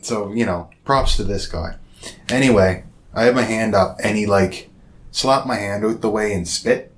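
A man in his thirties from Nova Scotia with a fairly low voice. He tells a story in a casual chat, animated and profane, and acts out the lines of the people in it. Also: moderate pace, slight background noise. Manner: profane, animated retelling with acted-out quotes.

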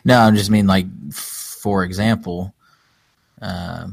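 Low-voiced man in relaxed podcast banter. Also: slow, gravelly, no room sound. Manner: easygoing, hesitant, many ums. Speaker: podcast co-host. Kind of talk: casual chat.

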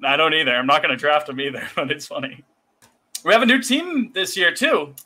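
Bright, teasing male podcast co-host. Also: on the high side, lively intonation. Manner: quick quips and teasing. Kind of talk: casual chat.

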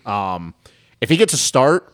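A young man co-hosting a casual motocross podcast, telling stories fast and animated. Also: mid-range voice, dry recording, studio quality. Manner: fast, animated storytelling with laughs. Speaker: podcast co-host.

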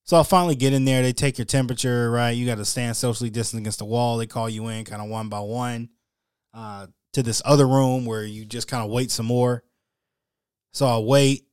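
A man's voice: medium pitch, steady tone, brisk, a little mellow, smooth, no echo, studio quality. Wry, slangy man telling a story. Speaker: podcast host. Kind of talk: casual solo storytelling.

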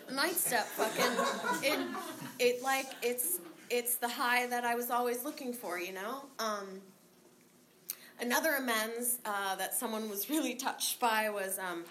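A woman telling her recovery story in a candid, rambling way, swearing freely, laughing often and filling pauses with um and like. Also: a little high, fairly bright tone, slight background noise. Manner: rambling with many fillers. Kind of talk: casual spoken recovery story.

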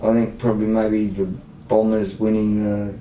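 A middle-aged Australian man speaks candidly, blunt and wry as he tells his story. His voice is dark and mellow. It sits back from the mic in an echoey room with a faint hum underneath. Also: lowish voice, completely flat delivery, normal speed, recorded from a distance. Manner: blunt, emotional, self-mocking humor. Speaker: service user guest.

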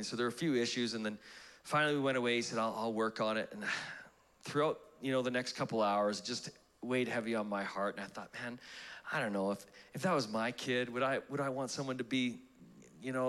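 A man's voice: mid-range voice, fairly bright tone. A pastor preaching a sermon, telling a personal story in a conversational way, laughing at himself and restarting his sentences. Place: church auditorium.

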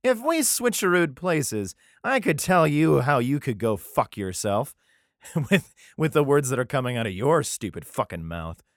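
Brief: man voicing a grieving sufferer, profane and blunt, raised pitch, lively swings. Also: moderate pace, no room sound, studio quality. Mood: angry. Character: exasperated grieving man, profane, modern-talking biblical sufferer.

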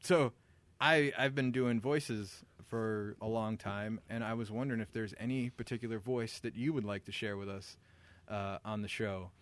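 Podcast co-host, male, animated and crude, dry mic. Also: fairly low pitch, normal speed, no echo. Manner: animated, laughing, loud bursts. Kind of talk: casual crude banter.

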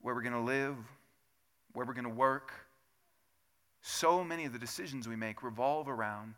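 Bright-voiced man preaching a sermon. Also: medium pitch, moderate pace, pauses often, clean tone. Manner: conversational preaching with rhetorical questions, rising to loud emphatic peaks. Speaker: pastor. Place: church sanctuary.

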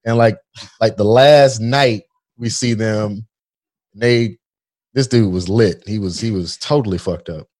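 A man's voice: on the low side, unhurried, darkish tone. A man guest on a podcast, telling a story in a laid-back way and swearing casually.

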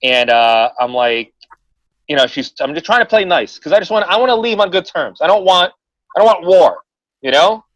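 A young man telling a story on a podcast, animated, swearing freely and mimicking the people in it. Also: fairly high pitch, normal speed, no room sound, poor audio. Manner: animated, swearing, mimics voices in his stories. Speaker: podcast co-host. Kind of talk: casual storytelling chat.

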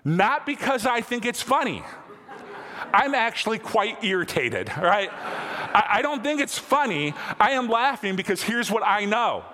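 A man in his thirties preaching a sermon in a church, talking conversationally, repeating phrases for emphasis and climbing to excited peaks. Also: high voice, measured pace. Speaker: pastor. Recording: long hall reverb.

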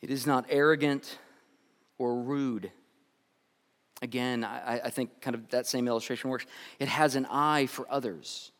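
A man's voice: medium pitch, fairly even intonation, measured pace, pauses often, fairly bright tone. Male pastor, mid-range voice, chatty sermon delivery with frequent restarts, long church reverb. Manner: conversational storytelling, often restarts and repeats words. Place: church sanctuary.

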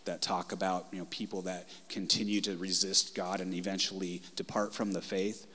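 A male pastor preaching a passionate, conversational sermon in a church, moving between loud and soft delivery. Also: sits low, level tone, moderate pace, long reverb tail, slight background noise. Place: church sanctuary.

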